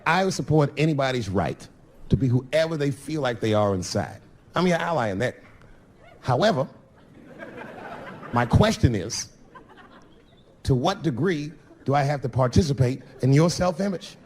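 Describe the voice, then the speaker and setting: A man's voice: medium pitch, expressive, moderate pace, long pauses, a little mellow, slight background noise. A man in his fifties from the United States, telling a stand-up story on stage before a live audience, casual and profane, acting out the voices of people he quotes. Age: 50s. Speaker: stand-up comedian.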